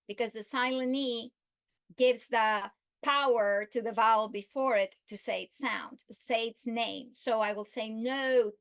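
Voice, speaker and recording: A woman giving an instructional video lesson, speaking slowly and deliberately and stretching out her example words. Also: on the high side, fairly bright tone. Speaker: literacy instructor.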